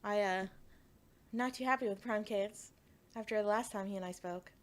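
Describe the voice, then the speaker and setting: Speaking to her chat during a stream, a young Canadian woman recounts a story in a medium-pitched voice at an ordinary pace. She laughs as she goes, wanders off track, and fills it with fillers and restarts.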